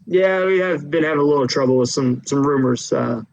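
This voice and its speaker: A man voicing a loud, blustering, heavyset male official who talks crudely in a tabletop game. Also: on the high side, brisk, dull audio. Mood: grumbling. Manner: gruff, crude, talks loudly.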